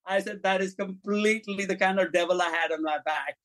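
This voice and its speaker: A man, a film and commercial director, telling anecdotes in an interview, animated and blunt, acting out dialogue and swearing now and then. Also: high voice, fairly quick, low-quality recording. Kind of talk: interview storytelling.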